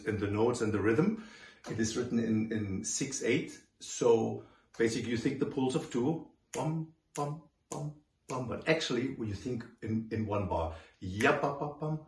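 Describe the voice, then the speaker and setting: Trumpet teacher in a roomy room. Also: male voice, fairly low pitch, slight background noise. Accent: German. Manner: sings rhythms in syllables while explaining. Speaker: trumpet professor. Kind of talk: demonstrating instruction to students.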